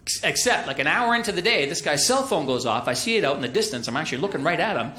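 A man's voice: on the high side, very animated, quick pace, pushed and bright, reverberant. A man doing stand-up storytelling in a chatty, self-deprecating way, full of "uh" and "right?", on a comedy club stage.

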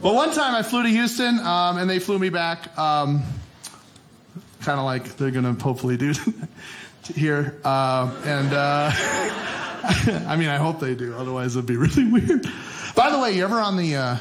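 Stand-up comic, animated, room noise. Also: male voice, on the high side. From Minnesota. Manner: animated storytelling with frequent laughs and quick asides. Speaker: stand-up comedian. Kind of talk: stand-up comedy set. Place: stage in front of a laughing audience.

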